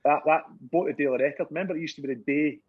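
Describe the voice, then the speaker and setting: A man's voice: a little high, very fast, phone-quality sound, a crowd in the background. A middle-aged Scottish man, a former footballer, telling stories in casual chat, laughing and swearing often. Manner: laughing, swearing, animated anecdote-teller.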